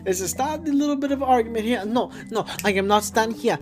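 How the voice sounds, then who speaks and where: A man's voice: very high voice, fast talker, soft background music. A man hosting a late-night comedy podcast, chatting with hesitant, laughing delivery. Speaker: podcast host. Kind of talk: comedic skit chat.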